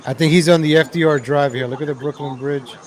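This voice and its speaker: A man ranting in exasperation over video clips, talking straight to his audience as ladies and gentlemen. His voice sits slightly high. A faint noise floor runs under the recording. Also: steady tone, fast talker. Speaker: commentator reacting to videos.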